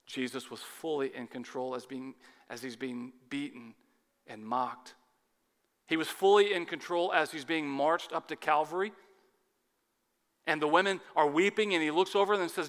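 Bright-voiced preacher man in a reverberant hall. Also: a little high, normal speed. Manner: dramatic, swings from loud urgency to hushed intensity. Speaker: pastor. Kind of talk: sermon.

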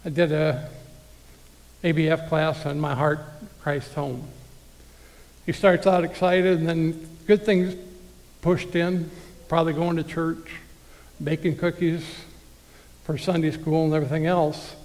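A man's voice: fairly high pitch, level tone, a little slow, pauses often, darkish tone. A man preaching a conversational sermon, reading scripture aloud and talking directly to his listeners. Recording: long hall reverb.

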